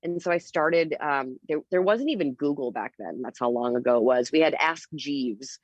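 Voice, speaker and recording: A woman with a notably low voice tells her story casually and candidly, filling her sentences with "like" and "um." The sound is close and dry, with no room around it. The audio is a bit dull and muffled. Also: normal speed, no room sound. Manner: animated, candid, with frequent fillers. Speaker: interview guest.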